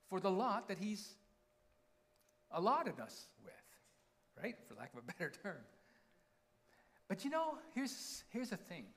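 Lively high-voiced pastor. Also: male voice. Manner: keeps checking in with the congregation. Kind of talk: conversational sermon.

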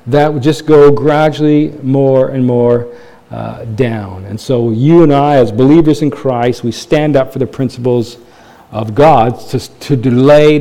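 A man's voice: medium pitch, mellow. A man preaching a sermon from Canada, talking in a conversational way, asking rhetorical questions and pushing up his voice for emphasis. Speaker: pastor.

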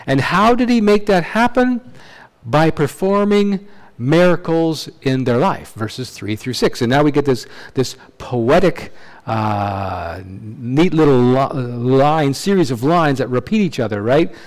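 A man's voice: medium pitch, animated, unhurried, a little mellow, poor audio. A man preaching an expository sermon in a conversational teaching manner, often checking in with his listeners and restarting phrases. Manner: conversational teaching with frequent tag questions and restarts.

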